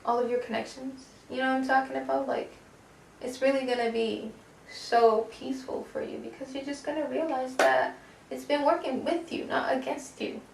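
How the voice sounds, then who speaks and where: A woman's voice: sits high, fairly even intonation, moderate pace, creaky. A woman giving a casual pick-a-card tarot reading, chatty and slangy, swearing and calling the listener baby. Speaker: tarot reader. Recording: echoey room, distant mic, faint noise.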